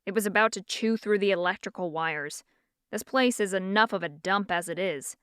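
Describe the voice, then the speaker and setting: A woman narrator voicing a condescending, stern young man who hunts demons, speaking low and curt in an audiobook. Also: normal speed, fairly bright tone, clear, resonant tone, dry recording, studio quality, natural voice. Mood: scornful. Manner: curt, scornful.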